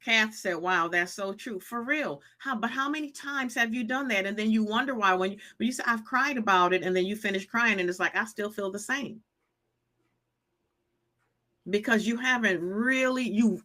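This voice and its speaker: At a moderate pace, a woman in her fifties delivers healing advice on her live stream with a bright, forceful, mid-range voice. She's preachy and emphatic, restating what she's said and reading viewer comments out loud.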